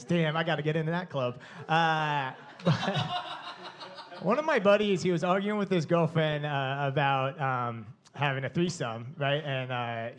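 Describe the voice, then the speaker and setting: A young man with a Long Island accent doing a brash, profane stand-up set. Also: a little high. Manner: brash, swears often, animated. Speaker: stand-up comedian.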